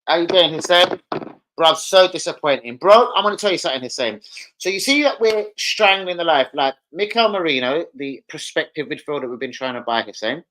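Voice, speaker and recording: A young man hosting a casual football live stream, excitable, swearing and calling out viewers by name. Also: fairly high pitch, brisk. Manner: excitable, swears, calls out chat names.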